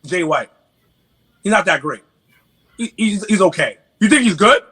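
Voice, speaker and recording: A man from New York with a New York accent, a podcast guest in casual chat, animated and stammering through restarts. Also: high-pitched, normal speed, breathy edge.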